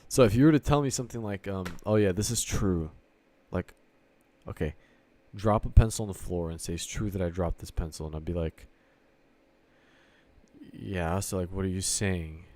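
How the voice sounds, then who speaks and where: A man's voice: low-pitched, normal speed, dark tone. A man from Sicily talking casually in an online chat, circling through a rambling argument and swearing freely as he acts out both sides of an imagined exchange.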